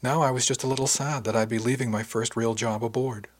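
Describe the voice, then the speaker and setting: A man reads a first-person audiobook with steady, even storytelling. His voice is husky and sits at an ordinary pitch for a man. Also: fast. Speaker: audiobook narrator. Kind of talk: first-person scripted narration.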